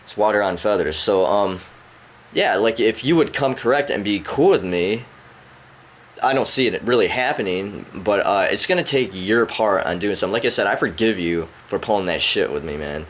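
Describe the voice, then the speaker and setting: A man ranting angrily at someone he addresses directly, profane and rambling, his pitch climbing when he gets worked up. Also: lively intonation, moderate pace, a little hiss or hum. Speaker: vlogger. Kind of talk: angry rant to the camera. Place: at home indoors.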